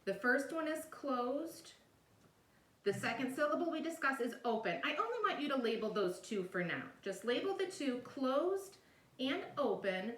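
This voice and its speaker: A woman's voice: high-pitched, sing-song, normal speed, fairly bright tone, distant mic. A woman teacher giving a recorded video lesson, explaining patiently step by step and often checking in with "all right?". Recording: echoey room, voice a bit off-mic.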